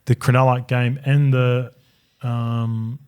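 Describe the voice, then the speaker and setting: A middle-aged Australian man co-hosting a rugby league podcast, chatty and agreeable, with quick asides and frequent laughter. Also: medium pitch, little pitch movement, a little mellow, clear, resonant tone. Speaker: podcast co-host, former rugby league player. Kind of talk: casual sports podcast chat.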